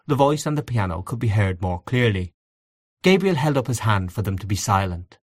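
A man narrating a story in a low, expressive voice that moves widely in pitch. The delivery is measured, and the recording is dry and close. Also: no room sound. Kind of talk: audiobook narration.

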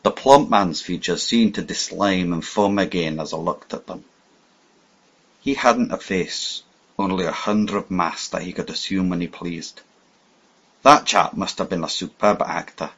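Male audiobook narrator, lowish husky voice, measured dramatic delivery; muffled recording. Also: a bit bright. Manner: measured, dramatic first-person reading. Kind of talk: scripted narration. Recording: dull lo-fi audio.

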